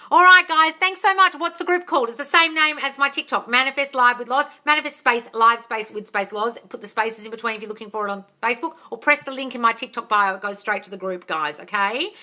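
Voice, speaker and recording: A woman's voice: fairly high pitch, quick pace, few pauses. A woman casually hosting a live question-and-answer stream on her phone, reading out viewer comments and calling people darling. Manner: chatty and animated, calls viewers darling, swears casually.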